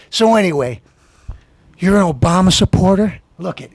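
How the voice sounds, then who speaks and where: A man hosting a comedy show, delivering a mocking political rant with taunts and shouted outbursts. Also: high-pitched, expressive, moderate pace, gravelly, long pauses, no echo, clean studio sound.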